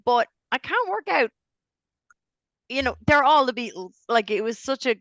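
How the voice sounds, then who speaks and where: A middle-aged woman chatting on a podcast, her voice full of gravelly fry. She tells stories with lots of swearing and laughter. The sound is dry and close. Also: high-pitched, normal speed, dry recording. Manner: profane, animated storyteller, laughs often. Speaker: podcast co-host. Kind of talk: casual chat.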